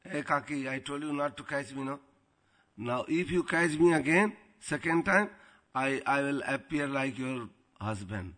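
A man's voice: medium pitch, expressive, measured pace, fairly bright tone. A man doing a cheeky young boy. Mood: teasing. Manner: teasing, coaxing.

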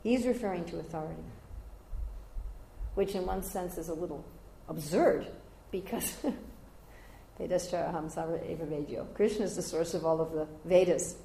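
An older woman giving a devotional scripture class, telling stories lively and raising her voice high whenever she quotes others. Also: moderate pace, vocal fry, a little hiss or hum. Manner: animated storyteller, jumping high when quoting others. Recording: roomy echoey room.

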